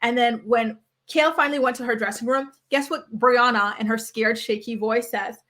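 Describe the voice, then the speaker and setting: A woman hosting a reality TV recap, talking in an animated, sassy way and mocking the cast. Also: fairly high pitch, normal speed. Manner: animated, sassy, quotes people in mocking voices. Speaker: host.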